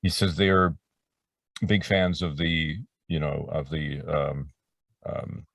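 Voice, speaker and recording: Speaking slowly in a bass voice with vocal fry, a slightly bright tone, and fairly even intonation, a middle-aged voice actor guest shares stories in a casual interview. He rambles, interrupts himself, and acts out quotes. The dry recording comes from a distant mic.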